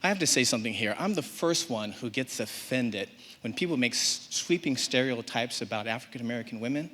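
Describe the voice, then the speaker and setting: A man reads his own story live on a theater stage. He is animated and humorous, with a bright, forceful voice. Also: mid-range voice, brisk. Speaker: storyteller reading a personal essay. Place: theater stage before an audience.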